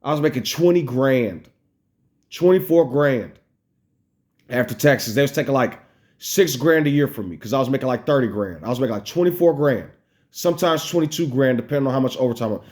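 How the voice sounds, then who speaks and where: A man's voice: mid-range voice, lively intonation, brisk, a little mellow. An American man venting in a personal vlog, upset, rambling and swearing as he talks. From United States. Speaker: vlogger. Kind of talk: emotional personal vlog rant.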